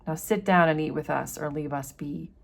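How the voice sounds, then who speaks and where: A woman's voice: sits low, normal speed, creaky. Stern weary mother, read out by a woman. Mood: firm. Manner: firm, defiant.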